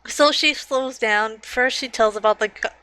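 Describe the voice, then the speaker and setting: A woman's voice: on the high side, normal speed, pushed and bright, rough recording. A woman playing in a tabletop game, speaking briefly and matter-of-factly. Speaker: player. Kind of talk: casual tabletop play.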